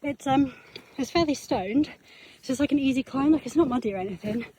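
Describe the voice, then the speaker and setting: A woman's voice: high-pitched, brisk, crowd noise. Breathless British woman hiking uphill. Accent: British English. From Britain. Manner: chatty, breathless, self-mocking. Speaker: hiking vlogger. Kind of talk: casual vlog narration while hiking. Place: outdoors on a windy hill trail.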